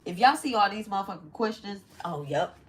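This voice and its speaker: A woman's voice: medium pitch, animated, brisk, rough recording. A middle-aged woman hosting a podcast, telling a personal story in a frank, profane, casual way and breaking off to address viewers. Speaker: podcast host.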